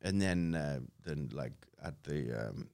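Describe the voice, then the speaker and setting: A middle-aged man, a comedian guest on a podcast, chatting casually and telling rambling stories that drop into quiet mumbles and break into laughs. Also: extremely low pitch, lively intonation, slow pace, vocal fry.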